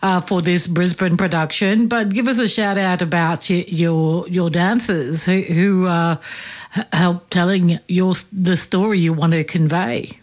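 A woman's voice: lowish voice, steady tone, a little slow. A woman hosting a radio interview, asking long winding questions. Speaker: radio host.

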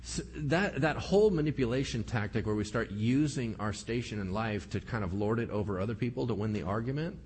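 A man preaching a humorous Bible-teaching sermon, animated and sarcastic. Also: medium pitch, fairly quick, few pauses, husky. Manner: animated and sarcastic, acting out scripture characters.

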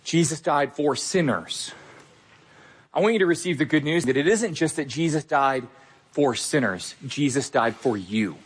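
A man's voice: a little high, expressive, moderate pace, husky. A young adult man preaching a sermon as pastor, earnest and emphatic, speaking straight to his listeners.

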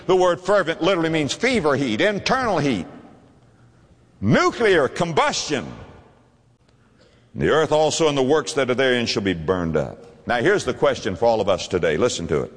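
A man's voice: a little high, very animated, normal speed. Impassioned male preacher in an echoey hall. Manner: impassioned, pleading, swings from loud to hushed. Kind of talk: sermon.

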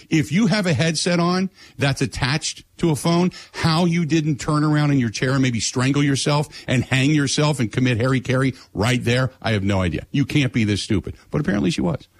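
A middle-aged man hosting sports radio, telling a story in blunt, sarcastic, exasperated casual chat. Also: mid-range voice.

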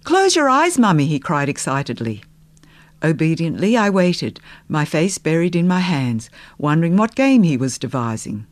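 A woman narrating a period novel in the first person, with soft, unhurried storytelling that sometimes sinks to a near-whisper. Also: sits low, dry recording. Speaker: audiobook narrator.

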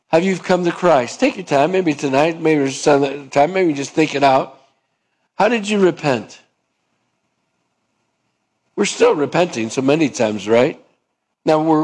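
A man preaching a sermon as a pastor, talking in a conversational way, asking questions of his listeners and reading scripture aloud. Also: fairly high pitch.

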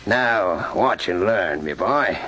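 An actor playing a boastful, scheming thief in an old-time radio drama, swaggering and chuckling. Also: male voice, low voice, animated, takes it slowly, sharp tone, heavily acted, low-quality recording. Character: boastful scheming male thief, cockney-style crook.

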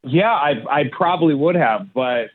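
A man calling in to a radio show, telling a story in an animated, exasperated way. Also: fairly high pitch, moderate pace. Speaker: caller. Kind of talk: radio call-in chat. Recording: tinny phone line, crowd behind.

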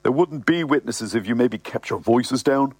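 A man voicing an uneasy young husband trying to calm a quarrel. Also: mid-range voice, normal speed, breathy edge, no room sound, close to an everyday voice. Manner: uneasy, placating. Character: awkward young husband, Christian.

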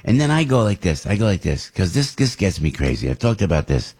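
An older man talks on his radio show in a husky, lowish voice that rises and falls freely. He rambles, restarts and repeats himself as he gets animated. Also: brisk. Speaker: radio talk show host. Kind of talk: casual radio talk. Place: radio studio.

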